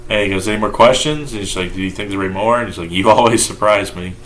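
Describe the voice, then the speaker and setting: Low bright-voiced man retelling comics. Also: fast talker, faint music behind. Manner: retells scenes in flat quoted dialogue, joking. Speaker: podcast co-host. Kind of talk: casual comic book review chat.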